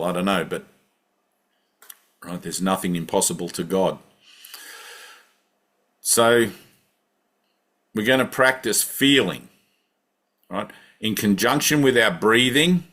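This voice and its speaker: His voice sits low with a touch of brightness. This male spiritual teacher leads a satsang talk and guided breathing in a conversational way, frequently asking "right?"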